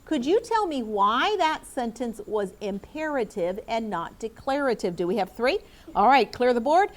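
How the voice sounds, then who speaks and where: A woman's voice: a little high, very animated, moderate pace. Encouraging woman teacher, raised voice. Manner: clear, encouraging, calls on students by name. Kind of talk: classroom lesson for students and viewers.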